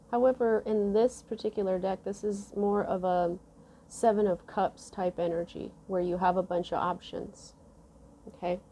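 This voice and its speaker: A woman giving a casual tarot reading, musing slowly with many fillers and restarts. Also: medium pitch, warm tone, a little hiss or hum. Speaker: tarot reader.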